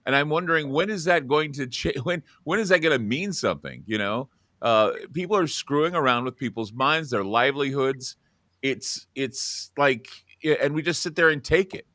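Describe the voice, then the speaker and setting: A man hosting a talk show, chatting casually about politics in an animated way, his voice jumping up when he quotes people. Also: moderate pace, no room sound, studio quality. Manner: animated, voice jumps high when quoting people. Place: Oregon studio.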